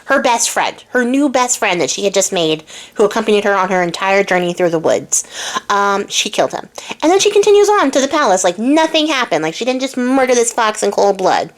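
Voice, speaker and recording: A young woman hosts and casually retells a fairy tale. She is chatty and giggly, with plenty of fillers. Her voice sits fairly high. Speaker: host, storyteller. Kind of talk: casual storytelling.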